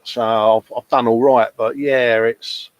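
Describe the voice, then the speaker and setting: In a dry recording, a British man in his fifties reads viewer comments aloud as co-host of a relaxed livestream chat. His mid-range voice barely moves in pitch and runs a little slow, yet he stays jokey and matey, with plenty of "mate".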